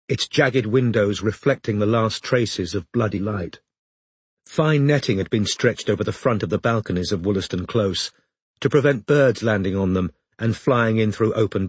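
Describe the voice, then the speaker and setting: A man narrating an audiobook in a measured, even reading. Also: on the low side, slightly rough, dry recording.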